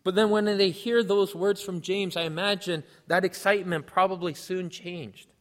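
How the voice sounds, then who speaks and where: Male pastor, earnest teaching sermon, higher voice, reverberant hall sound. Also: steady tone, normal speed, fairly bright tone. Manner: earnest, explanatory, reads scripture aloud.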